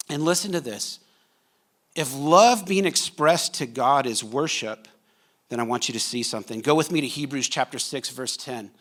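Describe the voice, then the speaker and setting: A man's voice: a little high, a bit bright. A man, a pastor preaching a sermon to his congregation in a church, talking casually and joking with the room. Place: church sanctuary.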